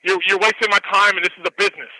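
A man at a restaurant argues over the phone, staying calm but firm and repeating himself. His voice is very bright and high, and it comes through dry and close. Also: rapid-fire, dry recording, poor audio. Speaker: restaurant employee answering the phone. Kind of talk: phone argument. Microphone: telephone line.

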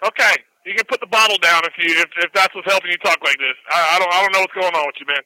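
A man working at a restaurant, answering the phone and pushing back calmly but firmly. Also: high-pitched, very fast, no echo, rough recording. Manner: calm but firm, repeats himself to push back. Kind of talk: phone argument. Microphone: telephone line.

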